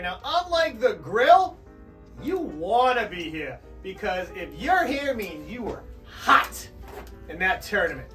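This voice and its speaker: A young man co-hosting a casual sports chat show, loud and joking as he hypes segments. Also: high voice, big pitch swings, measured pace. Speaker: podcast co-host. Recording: distant mic with faint music.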